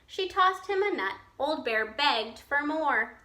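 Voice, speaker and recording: A woman teacher reading a children's picture book aloud, slowly and expressively, pausing to explain to her listeners. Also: high-pitched. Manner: slow, expressive storytelling with asides to listeners.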